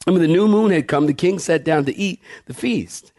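A man's voice: a little high, brisk, mellow. A man preaching a sermon as pastor, reading verses aloud and breaking off for folksy asides.

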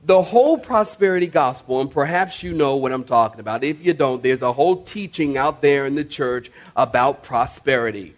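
A middle-aged man preaching a sermon as pastor, swinging from loud to hushed and repeating phrases for emphasis. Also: mid-range voice, animated, normal speed, few pauses.

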